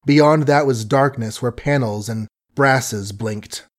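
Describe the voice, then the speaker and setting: A man narrating a novel in an even, unhurried literary reading. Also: medium pitch. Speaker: audiobook narrator. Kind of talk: scripted narration.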